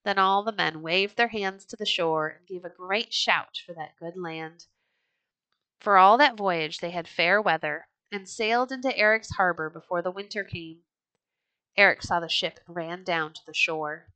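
A woman reading a children's storybook aloud, clear and gentle. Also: on the low side, moderate pace, no room sound, rough recording.

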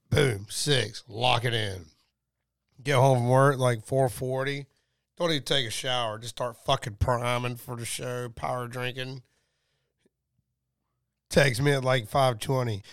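A man's voice: mid-range voice, unhurried, creaky, a bit bright, no room sound. A man rambling crudely and joking as a podcast guest, drinking during a casual chat in a small home studio. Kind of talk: casual drunken banter.

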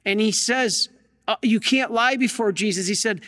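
Male priest with a very high-pitched voice, preaching an emphatic sermon, heard in a long echoing hall. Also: normal speed, fairly bright tone. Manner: emphatic storytelling with rhetorical questions.

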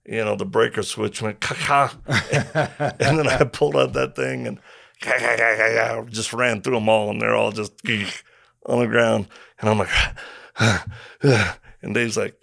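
A man's voice: mid-range voice, normal speed, vocal fry, dry recording, clean studio sound. A middle-aged man and former Marine telling stories in casual conversation, acting out quotes and sound effects as he goes. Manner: animated storyteller, acts out quotes and sound effects.

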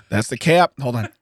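A hoarse man co-hosting a podcast, telling a story in casual chat, laughing often and acting out the people he quotes. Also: mid-range voice, a bit bright, no echo. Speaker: podcast co-host. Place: podcast studio.

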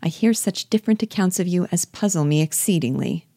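A woman reading a witty young woman at a ball, quick, teasing and pointed. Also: lowish voice, animated, mellow, slightly rough, no room sound, clean studio sound.

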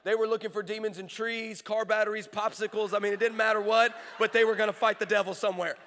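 A man preaching a sermon, telling stories in an animated, playful way that often breaks off and restarts. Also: high-pitched, quick pace, slight background noise. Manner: animated, playful storytelling with frequent self-interruptions. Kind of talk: sermon with comic storytelling. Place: large armory hall. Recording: long reverb of a large hall.

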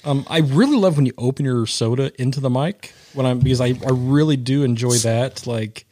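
A man with a middle-pitched voice banters on a casual podcast. He talks in animated bursts, laughs often and swears freely. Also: a little fast. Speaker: podcast co-host and editor. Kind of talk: casual chat. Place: cigar shop, indoors.

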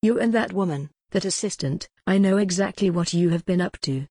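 A woman reading the lines of a frightened, angry young heroine in a gothic audiobook, sharp and cold. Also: lowish voice, fairly quick, dry recording, studio quality. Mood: tense.

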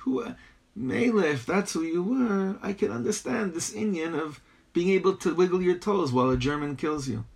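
Husky, emphatic male Torah teacher. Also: high-pitched, moderate pace, darkish tone. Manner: emphatic rhetorical questioning; peppers English with Hebrew and Yiddish phrases. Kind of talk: text-based lecture.

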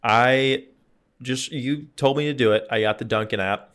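A man's voice: medium pitch, normal speed, clean tone. A young man in casual chat, telling stories animatedly and acting out the people in them. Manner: animated storyteller, acts out beeps and quotes.

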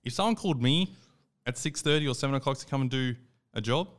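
A young Australian man co-hosting a casual podcast chat. He tells an animated story, acts out the quoted lines, and swears casually. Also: medium pitch, fast. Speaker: podcast co-host.

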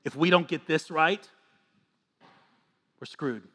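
A male pastor preaching a sermon to a gathered audience, earnest and confessional, moving between quiet asides and emphatic repeated lines. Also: fairly high pitch, slow pace, slightly rough.

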